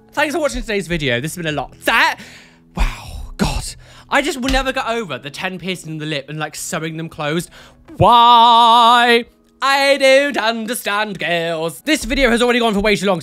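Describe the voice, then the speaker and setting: Bright, high-voiced camp man. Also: big pitch swings, quick pace, soft background music. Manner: camp and flamboyant, with playful exclamations. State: out of breath. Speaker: host. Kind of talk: casual reaction commentary.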